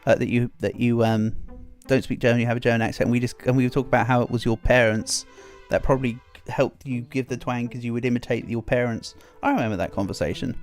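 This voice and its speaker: A man's voice: mid-range voice, fairly even intonation, fast, few pauses. Chatty English man streaming a game. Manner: chatty, hums and scats along to the game. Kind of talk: casual live game-stream chat. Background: faint game music.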